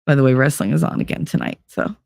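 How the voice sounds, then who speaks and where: A woman podcast host with a bass, creaky voice talks quickly in a casual, candid monologue, recorded dry with clean studio sound. She's animated and swears freely throughout.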